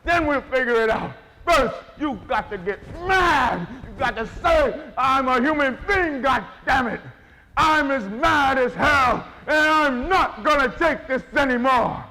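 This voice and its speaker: Ranting male TV anchor, film monologue, grim lecture turning to shouts, long reverb. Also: very high-pitched, very animated, unhurried, full character voice. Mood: furious. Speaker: television news anchor.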